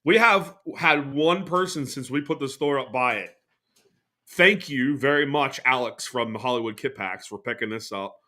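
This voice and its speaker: A man's voice: mid-range voice, moderate pace, pushed and bright. A man hosting a podcast in loose, rambling casual chat, swearing freely. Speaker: podcast host.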